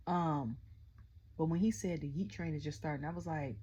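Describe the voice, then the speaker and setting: A middle-aged woman casually recapping a wrestling event, excitable and chatty, constantly retelling her own reactions. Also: deep voice, moderate pace, husky, dull audio. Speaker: wrestling show reviewer. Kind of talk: casual rant-style recap.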